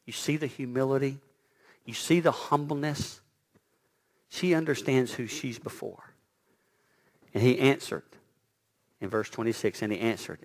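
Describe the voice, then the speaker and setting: A man's voice: medium pitch, moderate pace, long pauses. A male preacher delivering a sermon with a lot of movement in his delivery, pushing hard on emphatic lines and then dropping almost to a whisper. He sometimes trips over his own words, repeating them as he builds momentum. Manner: dynamic, swinging from loud emphasis to near-whispered quotes; stumbles and repeats words when excited.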